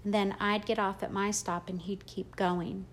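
A woman reads a first-person audiobook in a steady, plain way. Her voice sits at a middle pitch. A faint hiss runs under the recording. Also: normal speed. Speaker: audiobook narrator.

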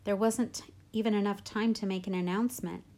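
A woman voicing a flustered teenage girl, out of breath and hurried after a stage performance. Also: medium pitch, fairly even intonation, mellow, close to an everyday voice.

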